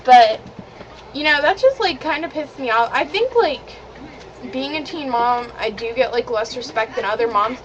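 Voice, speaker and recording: A woman's voice: high-pitched, lively intonation, normal speed. Chatty indignant teen girl on webcam. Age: teens. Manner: chatty, indignant, many "like" fillers. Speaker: vlogger. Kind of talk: casual chat to camera. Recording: dull lo-fi webcam audio with clear background hiss.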